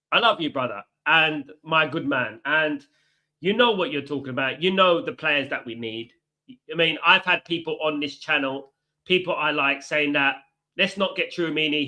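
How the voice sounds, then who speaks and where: Guy hosting a football watchalong, bright voice, a bit higher pitch, gets fired up. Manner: chatty, shouts out viewers, fired-up football ranting. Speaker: watchalong host. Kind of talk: live stream chat with viewers. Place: indoors, hot room in Italy.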